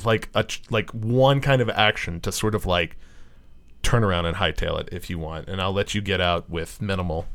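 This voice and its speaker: A young man, the game master of a tabletop game, talking in a loose, excitable way and swearing freely. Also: lowish voice.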